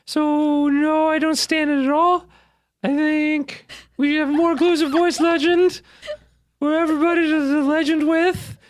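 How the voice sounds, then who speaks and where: A male podcast co-host with a notably high voice rants in mock earnest. He often stumbles and restarts his sentences. The sound is close and dry. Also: little pitch movement, unhurried, no echo. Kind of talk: casual comedy podcast chat.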